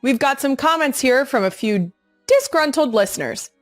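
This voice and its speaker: A woman's voice: sits high, lively intonation, moderate pace, dry recording, studio quality, faint music behind. A woman in her thirties hosting her own podcast, talking casually in a blunt, sassy way and swearing freely. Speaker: podcast host. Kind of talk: casual monologue.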